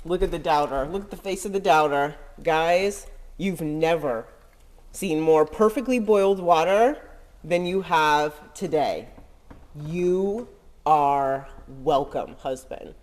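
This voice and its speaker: A woman's voice: low voice, a little slow, darkish tone. A woman in her home kitchen, talking to camera in a mock cooking tutorial and teasing her husband with earnest, over-serious instructions. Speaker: vlogger pranking her husband.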